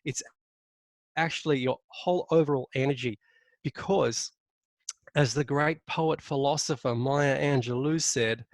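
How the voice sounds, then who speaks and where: This is a man's leadership webinar delivered like a coaching session. He emphasizes important words yet keeps pausing, filling gaps with ums and restarts. His voice sits at a medium pitch, with no echo present.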